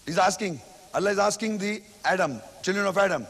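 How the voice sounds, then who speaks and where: A male lecturer with a high, gravelly voice explains scripture at a patient pace, saying each line again. He acts out quoted speech with sudden emphatic rises. The old recording carries a long hall reverb. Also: fairly bright tone. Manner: repetitive, explains each verse slowly, recites Arabic then translates. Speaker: Islamic lecturer. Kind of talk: religious lecture.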